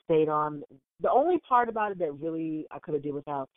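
Woman, casual chat, lively swinging pitch, acts out quotes, laughs a lot, phone-like thin sound, dry. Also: a little fast, dry recording. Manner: animated storyteller, big laughs, acts out quotes. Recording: tinny phone-like line, dry.

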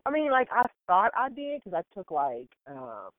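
A woman telling stories in a casual chat, animated and full of laughter, acting out what people said. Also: mid-range voice, normal speed, no room sound. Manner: animated storyteller, big laughs, acts out quotes. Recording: tinny phone-like line, dry.

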